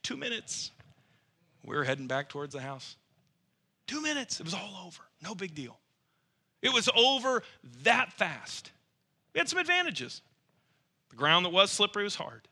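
A man preaching through a lively, self-mocking personal story. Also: sits high, moderate pace, long pauses. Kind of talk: storytelling sermon.

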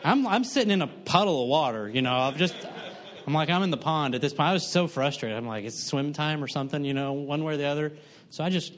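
Male preacher, middle-aged, folksy storyteller, pokes fun at himself, a bit high-pitched. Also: fast. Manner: folksy storytelling, self-mocking humor. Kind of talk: sermon.

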